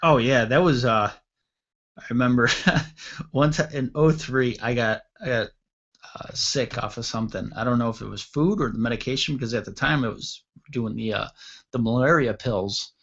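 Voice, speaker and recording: A man in his thirties hosts a radio show and tells a crude story with animated energy, acting out the other voices as he goes. His voice sits at an ordinary middle pitch. The audio is dull and lo-fi. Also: moderate pace, gravelly. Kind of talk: casual storytelling chat.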